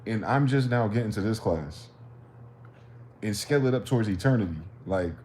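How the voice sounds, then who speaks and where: Low-voiced man musing in street slang. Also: lively intonation, moderate pace, a little mellow, slight background noise. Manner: profane, questioning, street slang. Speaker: livestream host. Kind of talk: rambling philosophical monologue.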